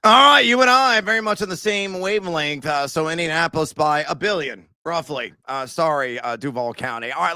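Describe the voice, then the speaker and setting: A man hosting a sports betting podcast, animated and self-mocking, bursting into shouts as he runs through his picks. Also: on the high side, brisk, hardly any pauses, dry recording. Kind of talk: excitable betting picks chat.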